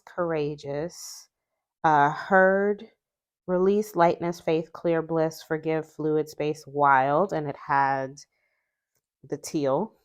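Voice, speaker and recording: A woman chatting casually as she reviews an oracle deck, reading card words aloud and musing about them. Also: low voice. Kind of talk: casual unboxing chat.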